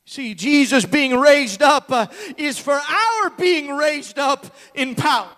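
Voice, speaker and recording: A male preacher delivering an impassioned sermon, slow and emphatic, with many hesitant fillers. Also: very high-pitched, lively intonation, bright, forceful tone. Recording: echoey church hall.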